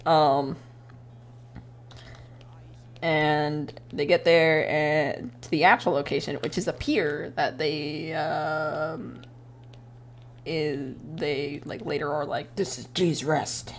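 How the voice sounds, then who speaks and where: A woman's voice: sits low, steady tone, takes it slowly, pauses often, slight background noise. Rambling, swearing woman streamer. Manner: rambling, swears a lot, breaks into laughter. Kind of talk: casual chat recapping a story while drawing. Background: faint background music.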